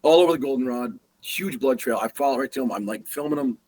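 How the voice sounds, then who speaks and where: A man's voice: medium pitch, fast talker. A man, a guest hunter, telling a story in a casual way and acting out the sounds and the dialogue. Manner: animated, acts out sounds and quoted dialogue.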